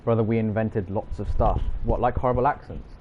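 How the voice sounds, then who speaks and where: A man's voice: fairly low pitch, fairly even intonation, brisk, slight background noise. A young man, streaming a racing game and trading teasing, jokey banter with his chat. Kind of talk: live gameplay chat with viewers. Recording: slightly dull audio with music behind.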